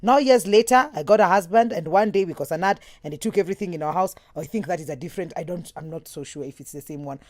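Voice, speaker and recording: A woman's voice: on the low side, fast, few pauses, darkish tone, no room sound, clean studio sound. A woman hosting a talk show, reading out listener messages in a chatty, giggly way.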